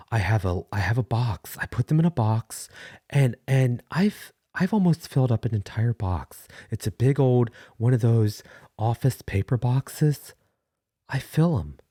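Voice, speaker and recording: A deep, husky-voiced male caller, overwrought and sentimental, as a man puts him on for a comedy podcast. He gushes and apologizes his way through every thought. The sound is dry and close. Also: mellow, dry recording. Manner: weepy, gushing, dramatic apologies. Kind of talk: comedic character bit.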